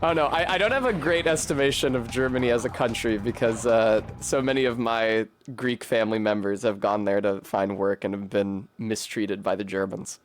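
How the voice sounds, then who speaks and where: A man's voice: lowish voice, normal speed, few pauses, slight background noise. A young man streaming a video game, rambling in casual chat with a sardonic, swearing manner. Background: faint game music.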